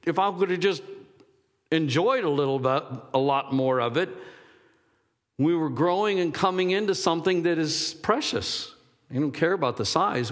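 A man's voice: on the high side, fairly bright tone. A middle-aged man preaching a sermon as pastor, conversational and emphatic. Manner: conversational, emphatic, self-deprecating. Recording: long hall reverb.

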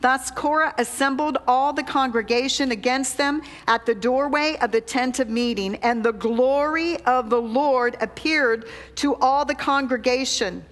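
A woman preaching a sermon, reading scripture aloud and adding her own commentary, sometimes dropping almost to a whisper. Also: high voice. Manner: slow, deliberate, drops to a near whisper when confessing. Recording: long hall reverb.

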